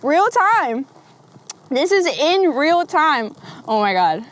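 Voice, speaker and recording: A woman's voice: high-pitched, very animated, takes it slowly. A young woman vlogging straight to camera, talking candidly and rambling, swearing freely and laughing often. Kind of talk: candid casual talk to camera.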